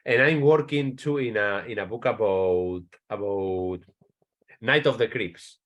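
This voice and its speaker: A man with a Spanish accent answers interview questions in a lowish voice. English is not his first language, so he halts, restarts, and searches for words. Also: unhurried. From Spain. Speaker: author, guest.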